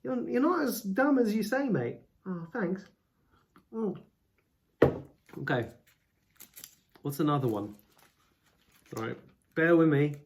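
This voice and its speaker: A man's voice: sits high, expressive, slow pace, long pauses, background noise. A man casually musing aloud at home while reading scripture passages, rambling and self-deprecating. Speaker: video creator.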